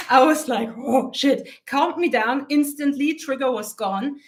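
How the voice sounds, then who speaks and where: A woman with a slightly high voice speaks casually to her viewers as a coach. She is blunt and profane, swearing freely and laughing often as she talks. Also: moderate pace, fairly bright tone. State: teary eyes from allergy. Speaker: mindset coach and channel host. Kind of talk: casual talk to camera.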